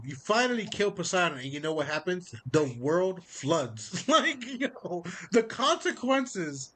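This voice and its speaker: A man with a high-pitched voice in a casual chat. He gets excited, swears freely and laughs as he retells scenes. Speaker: podcast co-host. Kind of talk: casual chat about video games.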